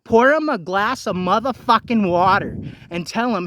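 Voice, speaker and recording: A man's voice: high voice, moderate pace, a bit bright. A man delivering an angry, profane ranting monologue, confronting the listener with repeated rhetorical questions. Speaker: vlogger.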